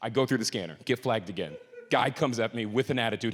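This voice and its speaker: A man doing stand-up, telling a story and swinging from low mutters to high shouted outbursts on a stage mic. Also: quick pace. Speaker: stand-up comedian. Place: comedy stage in a large hall. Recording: live hall with reverb and faint noise.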